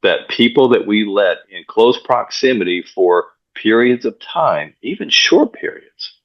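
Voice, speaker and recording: Energetic low-voiced man telling stories. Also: a little slow. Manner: energetic, filler-heavy, repeats words. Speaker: guest speaker, pastor and coach. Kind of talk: casual interview storytelling. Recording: dull lo-fi sound.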